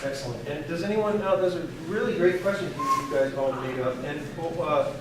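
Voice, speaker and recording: A woman music teacher leading her class's recorder performance, encouraging the children and talking to the audience in quick bursts with restarts. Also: low-pitched, very noisy. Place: school performance room. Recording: very echoey, distant mic, music behind.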